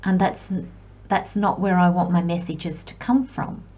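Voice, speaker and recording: Slow, breathy woman giving a tarot reading. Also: fairly low pitch, lo-fi sound. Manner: reflective, gently encouraging, speaks to viewers as piles; self-deprecating asides, light giggles. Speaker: tarot reader. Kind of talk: pick-a-card tarot reading.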